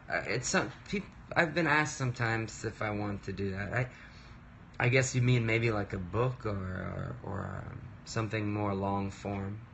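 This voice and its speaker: Rambling playfully and interrupting himself, a thirty-something musician chats on a livestream from the work desk at his home. His voice is lowish with a bit of brightness, and a faint hiss or hum sits under it.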